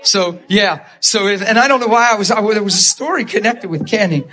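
A man preaching a sermon, telling a personal story in an animated, laughing way and acting out the people in it. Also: high voice, fairly quick. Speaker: pastor. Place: church.

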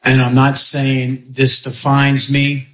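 A man with a middle-pitched voice shares a personal question with a congregation. He talks slowly and weighs each word. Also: monotone, a bit bright. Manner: slow and deliberate.

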